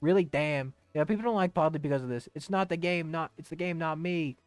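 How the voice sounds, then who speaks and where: A man's voice: on the high side, fairly quick, smooth, no echo, soft background music. A man streaming a video game, giving loose, rambling commentary with some swearing.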